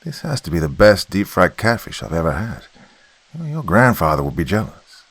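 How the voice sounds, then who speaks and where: A relaxed, friendly male military officer chats with his team, as a deep-voiced man reads his lines. The voice sits extremely low. It belongs to a horror story reading. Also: moderate pace, vocal fry, husky, dry recording, heavily acted.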